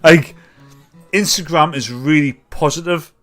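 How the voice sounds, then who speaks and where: A man's voice: a little high, measured pace, fairly bright tone, soft background music. A tipsy man hosting a live comedy show, rambling, swearing and laughing at his clips. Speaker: livestream comedy host.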